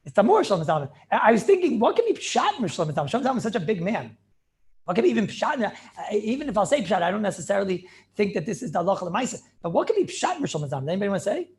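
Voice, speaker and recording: A man, a rabbi, giving a lively class, asking questions, laughing often and repeating words as he restarts. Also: sits high, very fast. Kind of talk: lively Talmud class lecture.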